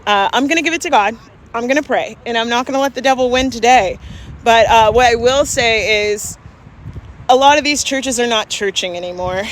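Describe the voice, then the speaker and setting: A woman's voice: on the high side, slight background noise. A woman, telling an emphatic vlog story with laughs, recorded on a phone outdoors. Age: 40s. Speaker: vlogger. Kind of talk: ranting vlog.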